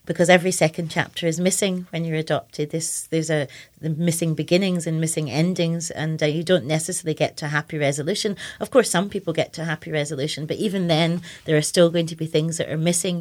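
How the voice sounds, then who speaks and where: Reflective woman reading her poetry. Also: deep voice. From Scotland. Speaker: writer and poet. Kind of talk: radio interview with poetry reading.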